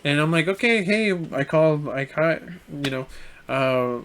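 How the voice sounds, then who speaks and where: A young man co-hosting a podcast, telling a story in a relaxed way with many fillers and restarts. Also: fairly high pitch, a little slow, slight background noise. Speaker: podcast co-host. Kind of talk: casual storytelling chat.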